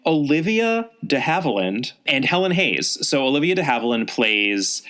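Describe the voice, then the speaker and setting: A man co-hosting a podcast, chatting about a mystery novel in an animated, wry, gossipy way. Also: medium pitch, normal speed. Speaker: podcast co-host. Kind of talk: casual chat review.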